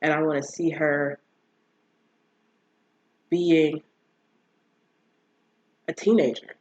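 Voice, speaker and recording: A woman hosting a casual solo podcast, talking in a chatty, animated way with many fillers and restarts. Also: low-pitched, drawn-out words, highs cut off. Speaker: podcast host.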